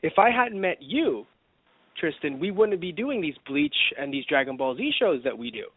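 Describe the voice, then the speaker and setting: A man chatting on a podcast, his speech rambling and full of fillers and restarts. His voice sits a touch high and swings widely in pitch. The sound is dry and thin, like a phone line. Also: big pitch swings, moderate pace, slightly rough, no room sound. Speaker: podcast co-host. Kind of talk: casual podcast chat.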